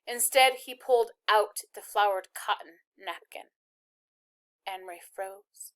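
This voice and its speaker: Woman narrator reading a chapter aloud, steady and expressive, medium pitch. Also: unhurried. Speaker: reader.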